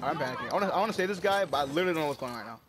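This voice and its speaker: Excitable man over game gunfire. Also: on the high side, rapid-fire, very noisy. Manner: excitable, swears often, yelps when under fire. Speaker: gamer. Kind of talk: casual gameplay commentary. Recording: game gunfire loud under the voice. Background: gunfire and explosions from the game.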